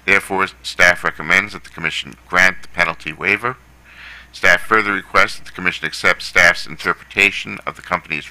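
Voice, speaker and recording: A man on a commission's staff reading out a formal recommendation in a steady voice. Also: sits low, clean tone, no echo, rough recording.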